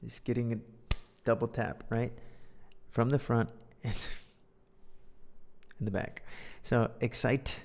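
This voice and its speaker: A man reads a children's story aloud to learners in a casual, playful way, breaking between lines to joke and poke fun at himself. His mid-range voice has vocal fry and a darkish tone. The recording carries a long reverb.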